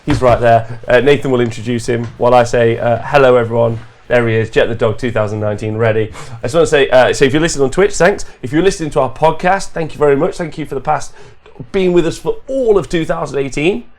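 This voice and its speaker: Man, podcast host, gravelly voice, chatty, hiccups. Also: medium pitch, fast. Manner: chatty, laughing often, rambling with fillers. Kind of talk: casual livestream chat.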